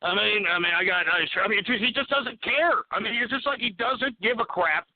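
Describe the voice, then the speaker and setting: This man hosts a radio talk show, and his voice sits high and moves a little fast. He rants with anger and exasperation, swearing a lot, and the audio sounds tinny and phone-like.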